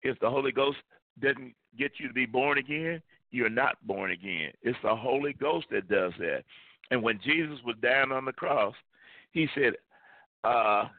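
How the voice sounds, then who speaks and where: A man's voice: medium pitch, a little slow, no room sound. Pastor guy preaching hard, repeats himself for punch, thin phone-ish sound, dead dry. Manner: emphatic preaching, repeats key phrases. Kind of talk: sermon. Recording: tinny phone-like line, dry.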